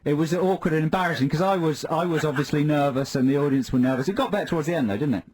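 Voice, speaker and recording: A man's voice: a little high, rapid-fire, a crowd in the background. An English man hosting a radio show from a studio, joking around and teasing his co-host in casual banter.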